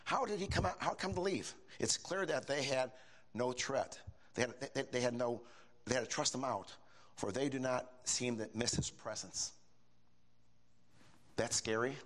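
An older man preaching a sermon in a folksy, animated way, with emphatic high bursts and casual asides.

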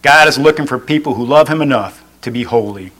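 A man's voice: medium pitch, fairly quick, fairly bright tone, low-quality recording. A male pastor preaching a sermon in an earnest way. He restates each point and adds folksy asides.

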